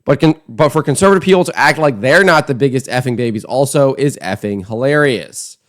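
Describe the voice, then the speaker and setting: A man's voice: medium pitch, animated, fairly quick. A man hosting an online political commentary show, talking in a scornful, emphatic, conversational way.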